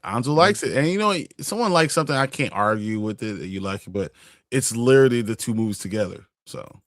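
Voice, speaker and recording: Laid-back man with lively pitch. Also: fast talker, no echo, clean studio sound. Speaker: podcast co-host. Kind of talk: casual movie chat.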